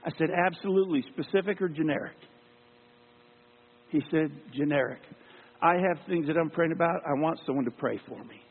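A husky man with a fairly high voice, preaching earnestly as he tells a personal story. The sound is tinny, like a phone line, with a long hall reverb and a steady mains hum underneath. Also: fairly quick. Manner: earnest storyteller, acts out quoted dialogue. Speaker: lay preacher. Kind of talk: sermon storytelling.

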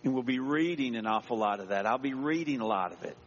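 A man's voice: medium pitch, lively intonation, quick pace. A man preaching a sermon as pastor, reading scripture aloud and dramatically acting out the voices in it. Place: church. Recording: dull echoey church sound.

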